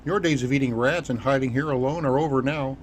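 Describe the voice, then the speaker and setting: A man's voice: mid-range voice, fast talker, a little hiss or hum, lightly acted. A man voicing a male fighter with a reassuring manner.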